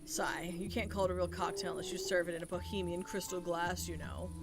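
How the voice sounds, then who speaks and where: A snobbish game guest sneers in a low, quiet voice, as a woman puts him on. His manner is haughty and dismissive, and game music is clear behind him. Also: fairly even intonation, brisk, lightly acted.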